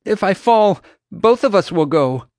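Man putting on a high, panicky young girl for a storybook read, loud cries. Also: expressive, a little slow, dry recording, clean studio sound. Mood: terrified. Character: frightened young girl dangling from branch.

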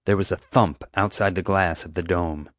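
A man with a fairly low voice narrates an audiobook chapter in steady, measured first-person storytelling. The recording is dry and close, with no room sound. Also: dry recording.

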